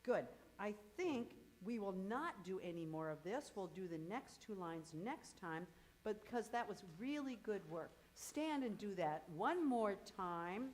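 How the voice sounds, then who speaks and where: A middle-aged woman directing a choir rehearsal, with a voice that rises and falls widely as she counts the beats. She speaks slowly and coaches briskly, singing cues to demonstrate and encouraging the group. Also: medium pitch, low-quality recording.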